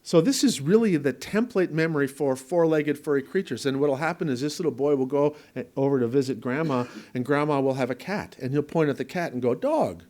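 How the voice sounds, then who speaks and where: A man presents at a training event, giving a lively conference lecture to an audience in a presentation room. His voice is on the high side and brisk, with hardly any pauses. He's conversational, uses examples and asides, and repeats words for emphasis.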